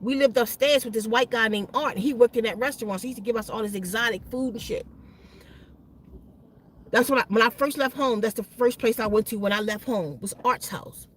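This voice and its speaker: Woman w a high voice spilling a wild personal story, slangy, keeps restarting words. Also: fairly quick, a little hiss or hum. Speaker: channel host.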